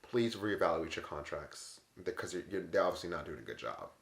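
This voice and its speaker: A man telling travel stories in a casual, animated, exasperated way. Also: low voice, brisk, creaky. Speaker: vlogger. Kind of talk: casual storytelling. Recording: echoey room.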